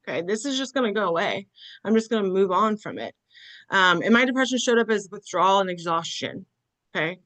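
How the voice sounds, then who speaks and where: A woman's voice: mid-range voice, sharp tone. A middle-aged woman giving a motivational talk on grief, speaking candidly and conversationally, often checking in with "right?" and "okay?". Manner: candid, self-deprecating storytelling. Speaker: conference speaker.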